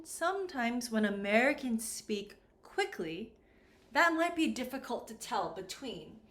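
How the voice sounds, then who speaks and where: A woman teaches English in a slow, careful way, her higher voice rising and falling a lot as she models each sound. The room around her is echoey. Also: a bit bright. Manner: slow, clear, exaggerated pronunciation demos. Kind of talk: classroom-style grammar lesson.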